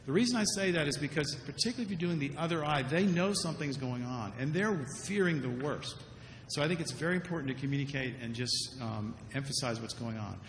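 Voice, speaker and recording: A man's voice: mid-range voice, a little fast, hardly any pauses, a bit bright. A man giving a conference talk about surgical mistakes, earnest and repeating words when he stresses a point. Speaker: surgeon giving a lecture. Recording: echoey lecture hall, faint noise.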